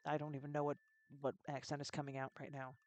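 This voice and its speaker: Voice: medium pitch, level tone, fast talker, muffled recording. A game streamer in casual let's-play commentary, chatty and joking, reading game text aloud with asides.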